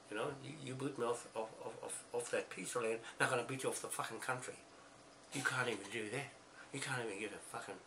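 A man's voice: on the low side, noisy background. A man with a New Zealand accent delivering a furious, swearing rant as a video message, repeating himself as he goes. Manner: furious, swearing, repetitive ranting. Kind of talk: angry ranting video message.

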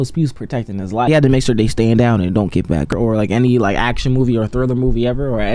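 A man hosting a reaction video, talking casually and excitably to his viewers, rambling between points. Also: mid-range voice, dry recording.

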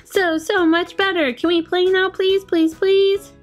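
A woman voicing a big, friendly, gentle female dog in toy play, with a sweet, eager, soft-spoken manner. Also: very high voice, little pitch movement, a little slow, soft background music, pitched above the performer's own voice. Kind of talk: toy play pretend voices.

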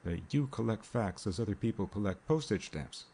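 A man voicing a reserved young gentleman in an audiobook, speaking quietly and in a measured way. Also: lowish voice, expressive, vocal fry, husky, exaggerated voice.

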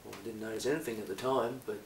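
Man, low voice, halting confessional delivery, roomy echo with faint background noise. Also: steady tone. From Australia. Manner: hesitant, halting, full of fillers. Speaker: improvising actor. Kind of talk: improvised confessional monologue. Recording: echoey room, voice distant from the mic.

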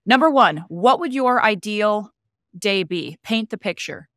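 A woman's voice: medium pitch, lively intonation, a little slow, a bit bright, no room sound, clean studio sound. A woman hosting a podcast, upbeat and encouraging as she interviews a guest. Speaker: podcast host.

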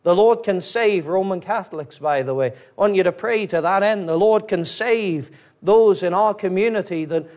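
A Northern Irish man preaching a fiery evangelistic sermon as pastor, repeating pleading questions and swinging from urgent high emphasis to low, quiet drops. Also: normal speed. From Northern Ireland. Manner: rising to urgent high-pitched emphasis, then dropping low; repetitive, pleading rhetorical questions.

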